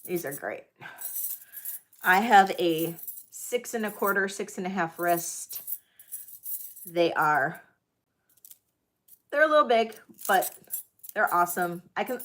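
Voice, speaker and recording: A middle-aged woman runs a live vintage jewelry auction, chatting with viewers in a scattered, self-deprecating way as she sells. Her voice is on the low side and a bit bright, and she takes it slowly with frequent pauses.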